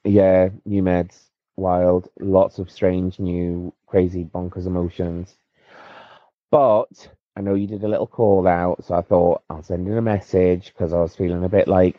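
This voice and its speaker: Deep-voiced man, chatty and rambling, dull lo-fi phone voice note. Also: flat delivery, measured pace, dry recording. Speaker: listener sending a voice note. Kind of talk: casual voice note. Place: in bed at home.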